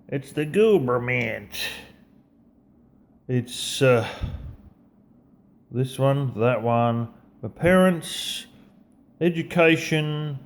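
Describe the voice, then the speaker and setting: Slow, blunt Australian man ranting. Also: medium pitch. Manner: blunt, profane, conversational. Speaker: vlogger. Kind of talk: blunt motivational rant.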